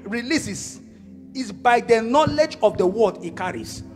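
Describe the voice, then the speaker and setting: A middle-aged man with a Nigerian accent preaching a sermon, emphatic and shouting, repeating his key phrases. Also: extremely high pitch, very animated, moderate pace, faint music behind.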